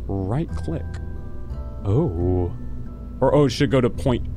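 A man giving casual let's-play commentary, excitable and confused, talking to himself as he plays. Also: medium pitch, slow, long pauses, soft background music. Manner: excitable, confused, talks to himself while playing. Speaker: gaming video host.

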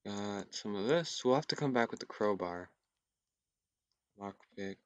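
A young man in casual gameplay commentary, thinking aloud in a hushed, often whispered voice, repeating himself as he works things out. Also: lowish voice, lively intonation, a little slow, dry recording, lo-fi sound. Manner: thinks aloud, repetitive and tentative. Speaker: gaming YouTuber.

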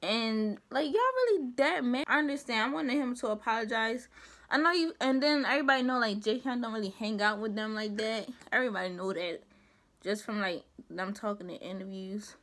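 A young woman vlogger chatting casually, emphatic and animated with rhetorical asides. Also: a little high, fairly quick. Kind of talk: casual commentary chat.

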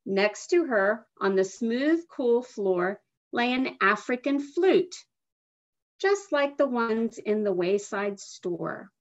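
Woman guest reader, slow expressive storytelling, somewhat high voice, lo-fi video call sound. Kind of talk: reading a picture book to children. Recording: dull lo-fi video call audio.

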